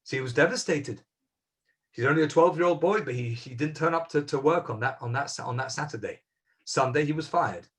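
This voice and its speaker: A man's voice: on the high side, a little fast. A man serving as rabbi, telling a story sermon-style over a video call, earnest and emphatic, repeating key words and acting out quoted dialogue.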